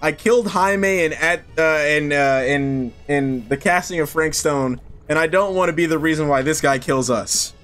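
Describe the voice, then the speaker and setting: A young man chats casually while playing a horror game, joking and riffing on the dialogue. His voice sits high, with faint game music in the background. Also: moderate pace, hardly any pauses, a bit bright. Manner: joking, reads game lines aloud in playful voices. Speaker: gaming streamer. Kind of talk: casual let's play commentary.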